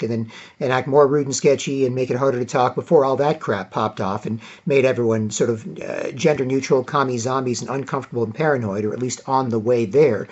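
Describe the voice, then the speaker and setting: A man's voice: medium pitch, muffled recording. A man from Toronto, hosting opinionated solo commentary and rambling with lots of fillers and restarts. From Toronto, Canada. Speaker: vlog host.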